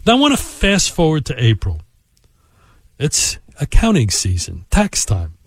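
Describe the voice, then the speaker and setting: A man hosting a show and telling a personal work anecdote in an expressive, animated way. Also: a little high, a little slow, breathy edge, no room sound. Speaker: podcast host and storyteller. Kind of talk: anecdotal storytelling.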